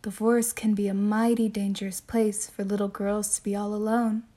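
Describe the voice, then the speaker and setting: A woman voicing a nasty, greedy wolf in a low, gruff, falsely courteous voice in a storybook reading. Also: level tone, moderate pace, mellow, close to an everyday voice. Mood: sly, courteous. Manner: smooth, mock-courteous.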